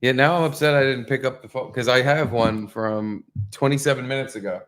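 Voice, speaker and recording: A man with a New York accent co-hosting a live comedy podcast, talking casually with lots of swearing and animated storytelling. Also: medium pitch, a little fast. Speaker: podcast co-host. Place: live venue.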